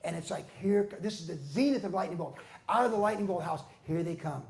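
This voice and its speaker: High-voiced older man telling surf stories. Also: a little fast, vocal fry, reverberant. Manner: animated storyteller, acts out quotes with loud shouts and laughs. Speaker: pastor and former pro surfer telling his story. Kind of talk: storytelling talk at a book event. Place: surfing museum event hall.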